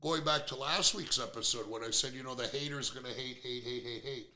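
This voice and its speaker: Gravelly, outspoken man in his 50s. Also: medium pitch, fairly quick, pushed and bright. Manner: blunt, outspoken, opinionated. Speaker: podcast host. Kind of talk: casual podcast chat. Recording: roomy echo.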